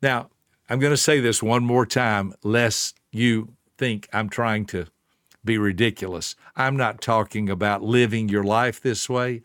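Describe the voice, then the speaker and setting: A man's voice: fairly low pitch, steady tone, measured pace, fairly bright tone, clean tone, no room sound, clean studio sound. A man telling a motivational story in an earnest, emphatic way and speaking straight to the listener.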